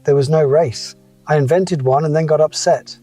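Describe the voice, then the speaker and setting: A man's voice: a little high, steady tone, moderate pace, warm tone, soft background music. A man in his seventies telling wry, reflective personal stories as a scripted motivational talk. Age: 70s. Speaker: motivational speaker.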